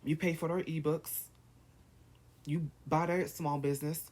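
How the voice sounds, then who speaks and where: A man's voice: a little high, level tone, unhurried, a little mellow. A man vlogging, firing off heated rhetorical questions in a rant to camera. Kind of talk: ranting to camera.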